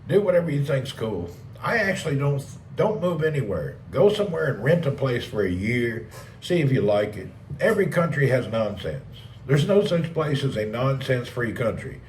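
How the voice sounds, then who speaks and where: A man's voice: mid-range voice, darkish tone, slight background noise. A man hosting a casual live stream, rambling and joking as he reads and answers chat messages. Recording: roomy, distant mic with faint ambience.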